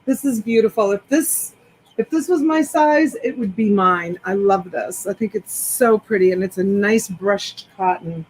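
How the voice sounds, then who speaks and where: A woman's voice: mid-range voice, unhurried, a little hiss or hum, rough recording. A woman hosting a live selling stream, chatting enthusiastically as she describes each clothing item. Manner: enthusiastic, rambling product descriptions. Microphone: desktop USB microphone.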